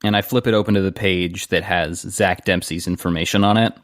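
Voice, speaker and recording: A man playing a tabletop game, describing his character's actions in a relaxed, thinking-aloud way. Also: low-pitched, fairly quick, no echo, clean studio sound. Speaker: player.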